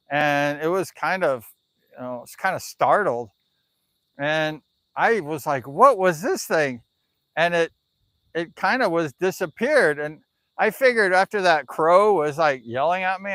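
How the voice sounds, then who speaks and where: A man's voice: on the high side, a bit bright, smooth, dry recording. A man on a live stream telling a spooky story in a casual, rambling way, full of "like" and "you know".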